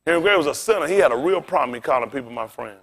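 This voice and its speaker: A male pastor with a slightly higher voice preaches in a loose, conversational way. His pitch and volume climb and drop sharply. He keeps turning to the congregation with direct asides. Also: animated, very fast. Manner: casual preaching with big swings in pitch and loudness. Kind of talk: sermon.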